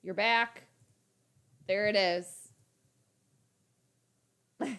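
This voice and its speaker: A woman hosting a casual sports livestream, talking chattily to her viewers in an animated way. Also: mid-range voice, takes it slowly, pauses often. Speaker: sports channel host.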